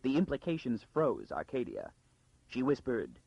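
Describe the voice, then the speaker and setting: Gravelly husky male audiobook narrator. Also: medium pitch, normal speed, no echo, dull audio. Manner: dramatic, lively storytelling. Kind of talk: scripted narration.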